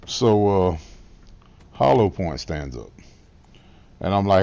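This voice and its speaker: A man's voice: low-pitched, sing-song, slow pace, vocal fry, pauses often, mellow, dull audio. A man telling a comedic, trash-talking story as a guest youtuber, brash and crude.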